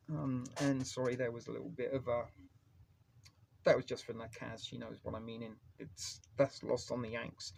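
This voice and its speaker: Gravelly-voiced man hosting a live stream. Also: mid-range voice, flat delivery, normal speed, darkish tone, a little hiss or hum. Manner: rambling, chatty, greets viewers by name. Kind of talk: casual live-stream chat. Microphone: phone.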